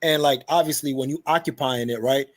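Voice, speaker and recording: On a casual podcast, a New York man talks in a slangy way, packing in fillers like "you dig what I'm saying" and checking in with the listener again and again. His mid-range voice moves fairly quickly, recorded in studio quality with no room sound.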